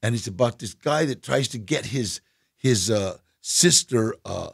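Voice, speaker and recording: An older man in his seventies, a guest in a casual interview, telling stories with laughter and acted-out quotes in a husky voice. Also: mid-range voice, lively intonation, measured pace, no room sound, clean studio sound. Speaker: guest actor.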